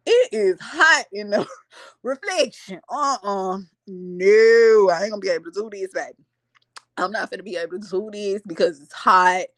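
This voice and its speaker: A woman hosting a podcast, giving casual commentary in a slangy, animated way and often checking in with her listeners. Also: mid-range voice, moderate pace, dry recording. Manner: slangy, animated, keeps asking "you get what I'm saying". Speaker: podcast host.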